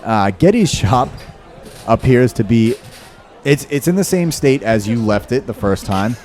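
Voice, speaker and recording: A man's voice: medium pitch, expressive, measured pace, a little mellow. A man narrating as game master in a rambling, casual way, full of fillers. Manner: rambling, filler-heavy, laughs often.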